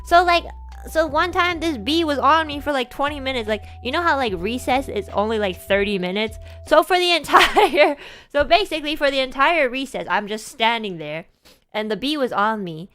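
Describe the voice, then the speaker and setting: A woman streamer telling a childhood story in casual, chatty talk, full of "like" and restarts, with lively bits where she acts out other people. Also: sits high, normal speed, faint music behind. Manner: chatty, animated, lots of "like" and restarts, voices kids and adults in quotes.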